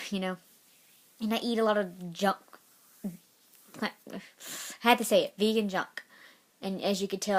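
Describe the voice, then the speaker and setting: Chatty rambling woman vlogger. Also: mid-range voice. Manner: chatty and rambling, with frequent self-corrections. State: out of breath. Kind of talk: casual vlog tips.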